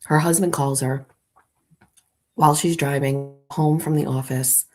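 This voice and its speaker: A woman's voice: extremely low pitch, fairly even intonation, a little slow, a little mellow. A woman hosting a morning show, playfully walking her audience through an imagined scene in a theatrical storytelling manner. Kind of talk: comic storytelling to a live audience.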